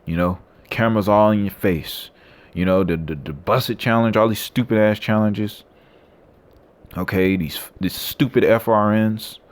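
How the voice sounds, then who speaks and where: A man preaching and reading scripture aloud, blunt and coarse, tagging lines with "man" and "all right". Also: lowish voice. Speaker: street preacher.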